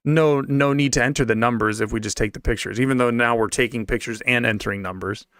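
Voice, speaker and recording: A man's voice: medium pitch, fairly even intonation, quick pace, a bit bright, clear, resonant tone, dry recording, studio quality. A young man streaming and venting about his old job in a rambling, profane, slang-heavy way while reading donations. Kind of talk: casual rant.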